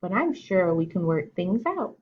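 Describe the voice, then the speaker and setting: A woman voicing a gentle, caring mother raccoon in a storybook reading, soothing and reassuring. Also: on the low side, big pitch swings, a little slow, breathy edge, dull audio, heavily acted.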